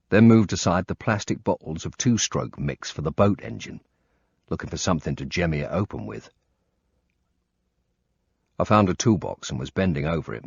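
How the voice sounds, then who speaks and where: Deep gravelly male audiobook narrator. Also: dry recording. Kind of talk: first-person thriller narration. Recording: dull lo-fi recording.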